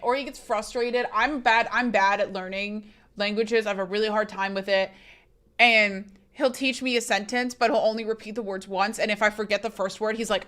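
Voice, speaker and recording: Young female streamer, casual rambling chat, mid pitch. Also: normal speed, a bit bright. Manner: chatty, reads chat aloud, rambling restarts.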